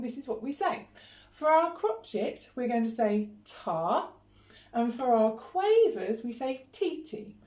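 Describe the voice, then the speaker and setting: A woman leads a video music lesson, counting in beats and sounding out rhythms in steady chants. Her voice sits fairly high for a woman. It carries the echo of a bare room. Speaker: music teacher. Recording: echoey room.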